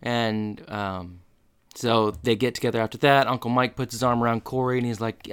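Cohost tossing in quick details and doing the lines, nice clear voice. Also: mid-range voice, steady tone. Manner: chimes in with short agreements and acts out quoted lines. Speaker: podcast co-host. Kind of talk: casual chat.

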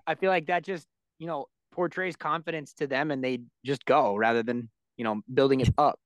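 A man's voice: medium pitch, fairly even intonation, a little fast, no room sound. A man co-hosting a podcast, thoughtfully asking long, winding questions. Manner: thoughtful, asks rambling questions. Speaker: podcast co-host. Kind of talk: podcast interview.

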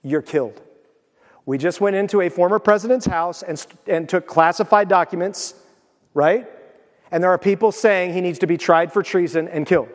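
A man preaching a sermon as a pastor, animated, swinging between loud bursts and hushed, quiet passages. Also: high voice, normal speed. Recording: long hall reverb.

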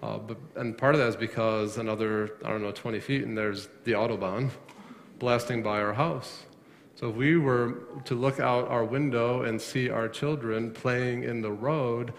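A pastor preaching a sermon, asking his congregation questions and rising sharply in pitch to stress a point. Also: a little slow, gravelly, a little hiss or hum. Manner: asks the congregation questions, rises sharply on emphasis. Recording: long reverb of a hall.

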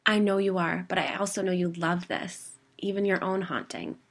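A woman voicing an eager, insistent female paranormal theorist in a spoken story, close to her own low-pitched voice. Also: steady tone, moderate pace, creaky. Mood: earnest.

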